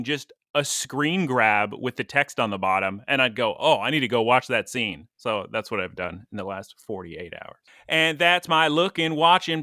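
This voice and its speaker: Bright-voiced playful male podcast host. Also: mid-range voice, no room sound, clean studio sound. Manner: playful, rambling, quick to laugh. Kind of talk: casual chat.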